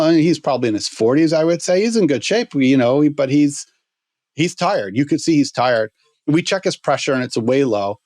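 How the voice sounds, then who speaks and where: A man telling a story as a guest on a podcast, halting with many restarts. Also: medium pitch, darkish tone, dry recording, clean studio sound.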